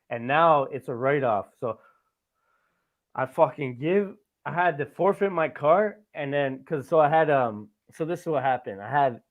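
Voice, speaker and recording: A man hosting a podcast, telling a long story in a loose, rambling way, swearing often and tagging lines with "right?". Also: mid-range voice. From Canada. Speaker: podcast host. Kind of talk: casual podcast chat. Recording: tinny phone-like audio.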